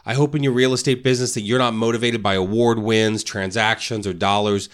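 A man's voice: lowish voice, fairly even intonation, a little fast. Man giving casual motivational talk. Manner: casual, keeps asking "right?". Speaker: real estate podcast host.

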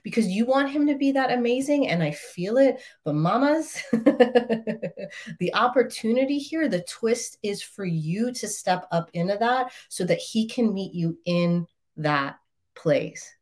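A woman coaching married women through an online course, with a middle-pitched voice. She talks casually and emphatically, drops the odd swear word, and keeps checking in with "right?" and "like". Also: expressive, a little slow, darkish tone. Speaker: relationship coach and course teacher. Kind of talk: motivational online course talk.

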